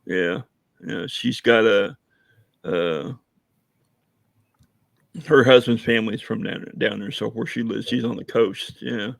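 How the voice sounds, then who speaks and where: Hoarse man with a creaky voice. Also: on the low side, steady tone, slow, long pauses, no echo. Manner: rambling, many fillers, tells jokes. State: hoarse, losing his voice. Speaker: veteran guest running a coffee business. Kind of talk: casual livestream chat.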